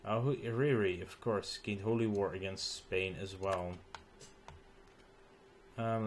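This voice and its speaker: Tired male let's play host, lowish voice, thinks out loud with ums over a soft hiss. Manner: musing aloud, halting with ums and restarts. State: tired, recording late at night. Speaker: gaming channel host.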